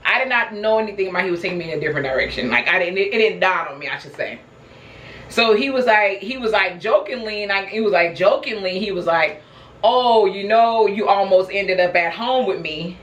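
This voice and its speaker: A woman's voice: mid-range voice, expressive, fast talker, fairly bright tone. Chatty woman telling a story in an echoey room. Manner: chatty, laughs often, addresses viewers as y'all. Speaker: vlogger. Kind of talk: casual storytelling while snacking.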